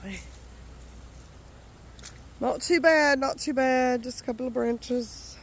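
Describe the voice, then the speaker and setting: A woman's voice: high voice, slow, slight background noise. A woman outdoors, cooing at her animals in affectionate baby talk during a casual vlog. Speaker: vlogger. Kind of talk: casual chat with farm animals.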